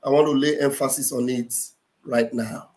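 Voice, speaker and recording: A man's voice: medium pitch, fairly even intonation, moderate pace, darkish tone. A man hosting a livestream, giving impassioned, preachy commentary in an emphatic, repetitive way. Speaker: livestream host and political commentator. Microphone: computer mic on a live stream.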